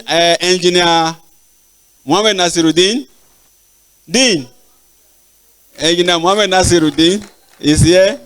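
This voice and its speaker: An older man with a Nigerian accent, a professor giving thanks in a lecture, speaking haltingly with pauses and repeated words. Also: fairly high pitch, clean tone. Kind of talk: acknowledgements in a formal lecture. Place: large auditorium.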